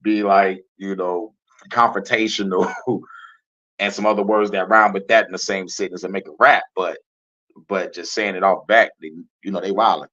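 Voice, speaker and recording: A man hosting a profane, animated reaction commentary, laughing and swearing as he talks, with loud high mocking repeats. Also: normal speed. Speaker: reaction video host. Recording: muffled lo-fi audio.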